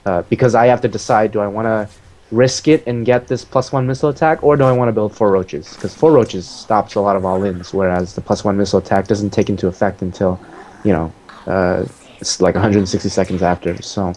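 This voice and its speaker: A man casually explaining his own strategy game match as he plays it, relaxed, with many fillers. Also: lowish voice, fairly quick, slight background noise.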